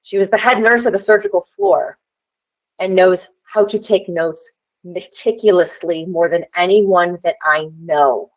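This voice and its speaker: A woman's voice: lowish voice, unhurried, highs cut off. A woman telling a rambling story on a livestream and calling out to the chat. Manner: rambling, addresses the chat directly. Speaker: livestream guest. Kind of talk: casual livestream rant.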